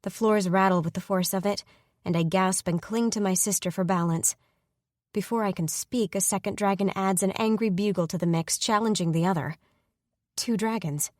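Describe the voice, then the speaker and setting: A woman narrates a first-person fantasy romance audiobook on a close mic in a dry recording. Her storytelling is steady and even, at medium pitch and normal speed.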